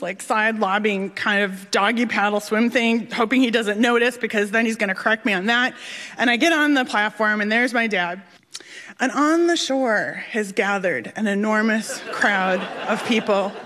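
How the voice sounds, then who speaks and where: A woman telling a personal story on stage, animated and self-mocking, laughing through her lines. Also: a little high. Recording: long hall reverb.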